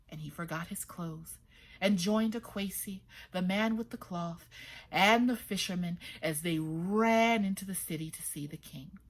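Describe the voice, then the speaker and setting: A woman storyteller retelling a folktale aloud for children, with expressive delivery. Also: fairly low pitch, a little slow. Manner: expressive, lively narration with hushed moments.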